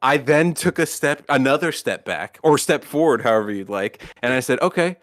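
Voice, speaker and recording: A man co-hosting a podcast, talking casually in a rambling, profane, animated way with lots of restarts. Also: medium pitch, normal speed, dry recording, studio quality. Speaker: podcast co-host.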